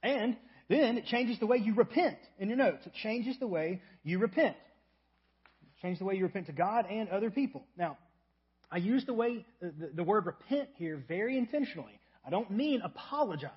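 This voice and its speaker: A man preaching a sermon with a husky, slightly raised voice. He hammers home key phrases by repeating them, then sinks quietly low for the sample prayers. The audio is muffled and lo-fi. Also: expressive, moderate pace. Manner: emphatic, repeats key phrases, drops to soft low tones for acted prayers. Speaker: pastor.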